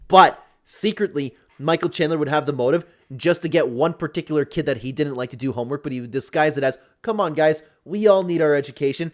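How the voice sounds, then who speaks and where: Excitable man reacting to clips. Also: mid-range voice. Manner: excitable, laughs often. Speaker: host. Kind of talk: casual reaction commentary.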